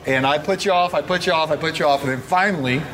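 A man's voice: a little high, fast talker, a bit bright, a little hiss or hum. Upbeat man hosting a podcast. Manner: enthusiastic, rambling, repeats himself. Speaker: podcast host. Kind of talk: casual podcast chat.

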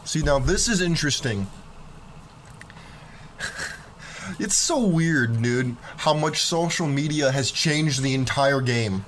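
A man's voice: medium pitch, animated, slow pace, pauses often, a bit bright, a little hiss or hum. A young man hosting a reaction video, talking in a laid-back, slangy, joking way. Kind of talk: casual commentary.

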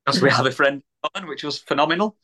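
Bright-voiced British man telling a story. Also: mid-range voice, brisk. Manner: animated, repeats words, acts out quoted voices. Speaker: guest, small business owner. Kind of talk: casual podcast storytelling.

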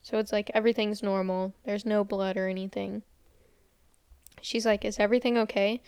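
A woman's voice: mid-range voice, level tone, normal speed, a little mellow, clear, resonant tone, dry recording. A young woman casually retelling a movie's scenes, quoting characters and saying "like" a lot. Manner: retells scenes with quoted lines, frequent "like". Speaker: podcast co-host recapping a movie. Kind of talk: casual movie recap storytelling.

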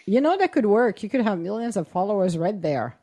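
A woman's voice: mid-range voice, big pitch swings, fairly quick, mellow. A woman co-hosting a casual chat, laughing often. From southern Minnesota.

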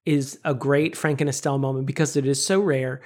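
Laughing, animated podcast co-host. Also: male voice, medium pitch, brisk. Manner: animated, laughs often, acts out shouted lines. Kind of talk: casual chat.

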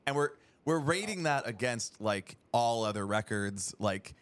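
A man's voice: mid-range voice, expressive, unhurried. A man hosting a podcast, chatting in a laid-back, agreeable way. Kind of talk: casual podcast chat.

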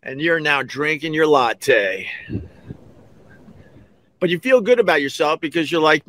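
Bright-voiced rambling storyteller man. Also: a little high, lively intonation, unhurried, pauses often. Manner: rambling, digressive, acts out quoted voices. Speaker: podcast host, former radio host. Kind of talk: casual storytelling monologue.

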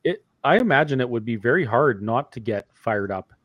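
A man's voice: medium pitch, lively intonation, moderate pace, a bit bright, no echo. A man co-hosting a talk show, speaking earnestly and emphatically in casual chat. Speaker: podcast co-host.

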